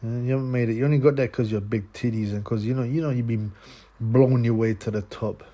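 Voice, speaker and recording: A man hosting his own channel launches into a crude, scornful rant, ending his sentences with "man" and "yeah?". His medium-pitched, mellow voice moves quickly with fairly even intonation.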